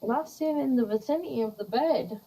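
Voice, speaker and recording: Woman streamer, husky and mellow, fussing over her cat mid-game. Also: high-pitched, brisk, low-quality recording. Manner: fussing at a cat, scolding softly. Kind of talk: casual stream chat.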